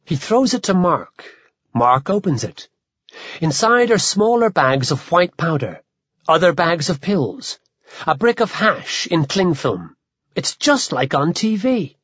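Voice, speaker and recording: A male narrator reads a story aloud with lively, shifting pitch and a slightly husky tone. The recording is dull and dry. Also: no room sound. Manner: vivid, measured storytelling. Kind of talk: audiobook narration.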